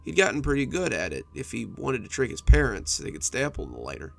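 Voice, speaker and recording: A man narrating horror stories in an expressive storytelling manner. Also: medium pitch, fast, gravelly.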